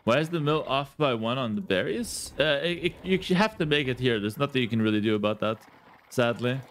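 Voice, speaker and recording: In live, casual gameplay commentary on a strategy game, a man speaks a little fast in an expressive, mid-range voice, with slight hiss or hum in the audio. He jokes around with viewers he calls "guys" and repeats words as he thinks.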